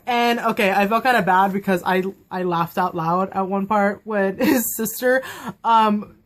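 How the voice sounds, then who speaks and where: A young adult woman vlogging a casual, excited fan review of a TV episode, gushing and giggling as she rambles with lots of fillers. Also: mid-range voice, moderate pace.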